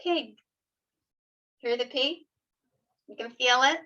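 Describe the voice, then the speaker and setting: A woman leads young children through a phonics lesson, speaking slowly and sounding out each letter with patient encouragement. Her voice is bright and fairly high. The audio is a little dull and lo-fi. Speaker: kindergarten teacher. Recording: slightly dull lo-fi video audio.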